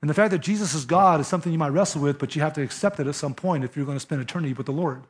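A man delivers a sermon in a fairly high-pitched voice. He preaches emphatically and conversationally, speaking directly to his listeners. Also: very fast. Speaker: pastor.

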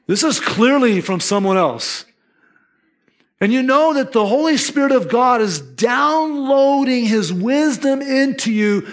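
Male pastor, higher-pitched voice, earnest emphatic sermon delivery. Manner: earnest, emphatic, acts out listeners' inner voices.

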